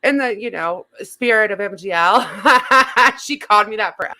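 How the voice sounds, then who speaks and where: A woman's voice: medium pitch, unhurried, pushed and bright. A woman hosting a casual livestream, chatting loosely and swearing, with frequent restarts. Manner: swears freely, rambling with restarts and laughs. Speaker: YouTube drama commentary host.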